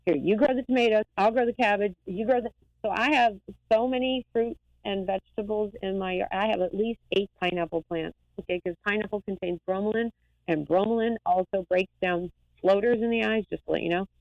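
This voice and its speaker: A woman eye doctor talking as a guest in a lively, rambling, emphatic way. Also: mid-range voice, brisk, dry recording, dull audio. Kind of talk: casual interview talk.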